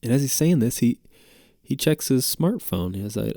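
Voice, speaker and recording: Gravelly man rambling through a story. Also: medium pitch, very animated, normal speed, dark tone, no echo, clean studio sound. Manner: rambling, profane and jokey. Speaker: podcast host. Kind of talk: casual storytelling monologue.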